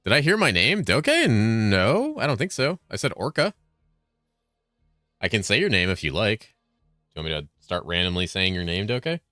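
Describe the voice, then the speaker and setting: A man with a low voice chats casually as a streamer while playing, his delivery dry and mostly flat, though his pitch swings widely when he gets going. The sound is close and dry, with faint music underneath. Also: moderate pace, no echo. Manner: fairly monotone, dry banter. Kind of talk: casual chat while gaming.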